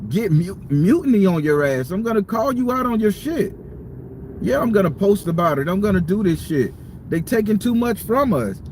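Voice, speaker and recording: A man's voice: high voice, slight background noise. A man hosting a live stream from a parked car, venting in a heated, profane rant. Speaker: tarot reader and channel host.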